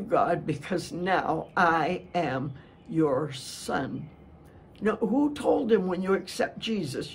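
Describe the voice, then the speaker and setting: Woman preacher, sermon story, slow unhurried pace, earnest, restarts words, faint room ambience. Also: on the low side, slight background noise. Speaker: missionary preacher.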